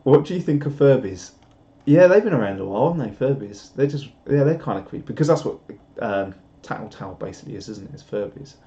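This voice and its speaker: A man chatting loosely on a live stream, rambling and self-deprecating with lots of restarts. His voice is mellow and warm, in the middle of the male range. The audio is dull and lo-fi. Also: medium pitch, expressive, fast talker, hardly any pauses. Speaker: live streamer reading viewer chat. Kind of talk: casual live-stream chat.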